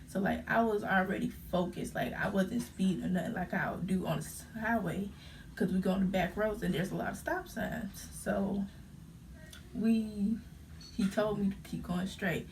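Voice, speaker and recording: A young woman tells her story in a casual vlog, her voice gravelly with vocal fry. She talks in halting bursts full of fillers and sounds close to tears. The mic sits a little away from her, with a faint room hum behind. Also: mid-range voice, steady tone, darkish tone, distant mic. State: holding back tears. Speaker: vlogger.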